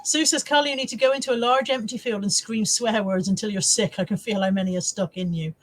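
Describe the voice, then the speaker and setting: A woman's voice: mid-range voice, steady tone, fast. Chatty, swearing woman. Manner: chatty, laughs often, swears freely. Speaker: live-stream host reading viewer comments. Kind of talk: casual live-stream chat.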